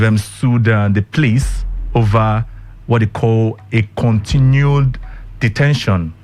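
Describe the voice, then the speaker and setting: A man's voice: lowish voice, darkish tone. A man hosting a radio show, talking casually to listeners and asking them questions with plenty of ums. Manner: chatty, talks straight to listeners with rhetorical questions and many ums. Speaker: radio host. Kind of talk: casual radio chat and news rundown. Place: radio studio.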